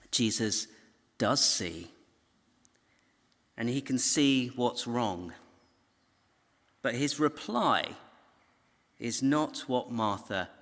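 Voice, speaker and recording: A man teaches from the Bible in a conversational, storytelling way, often turning to his viewers with asides. His pitch rises and falls a lot, and he keeps an unhurried pace with a bright tone. His voice carries the long reverb of a hall. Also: lively intonation. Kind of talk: recorded Bible teaching talk.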